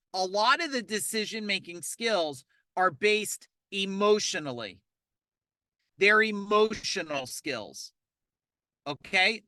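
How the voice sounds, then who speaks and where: A man leading a live online coaching session from a parking lot, talking fast and energetically, repeating key points and asking listeners to type replies. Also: high-pitched, pushed and bright, no room sound. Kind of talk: live motivational webinar coaching.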